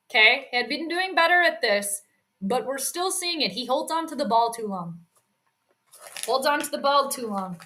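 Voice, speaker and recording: A woman's voice: high-pitched, pushed and bright. A woman giving casual live play-by-play commentary on a stream, chatty and reacting to each play while talking with her chat.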